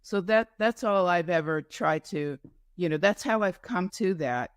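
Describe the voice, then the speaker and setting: A woman's voice: fairly low pitch, a little slow, no room sound. Woman from new york rambling through her life story on a podcast, lots of asides, dry close sound. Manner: meandering, with frequent asides and self-corrections. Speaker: guest entrepreneur. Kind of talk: casual interview storytelling.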